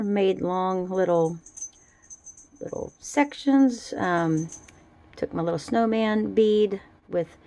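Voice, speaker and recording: A woman casually showing off her handmade jewelry in a relaxed, chatty way at a home craft table. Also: medium pitch, creaky, no echo. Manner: chatty, relaxed, fond little asides. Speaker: jewelry-making vlogger. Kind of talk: casual show-and-tell.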